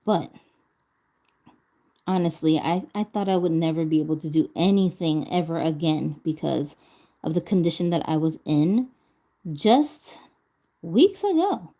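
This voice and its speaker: Mellow-voiced woman chatting casually. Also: sits low, expressive, measured pace, pauses often. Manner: chatty, laughs often, talks to herself. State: recovering from a stroke. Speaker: doll vlogger. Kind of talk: casual chat while crafting.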